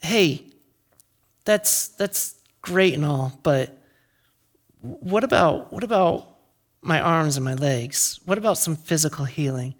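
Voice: medium pitch, slow, long pauses. A preacher voicing a puzzled paralyzed man. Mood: puzzled, pleading. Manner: plaintive, stammering questions. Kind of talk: acted aside in a sermon.

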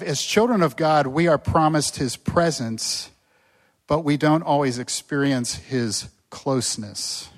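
Earnest older male pastor preaching. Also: medium pitch. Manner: earnest, with frequent rhetorical questions. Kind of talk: sermon.

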